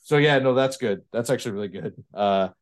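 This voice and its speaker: A medium-pitched man speaking fairly quickly hosts a tabletop gaming podcast with a US East Coast accent. His casual chat takes the form of rambling, lively anecdotes crowded with fillers and restarts.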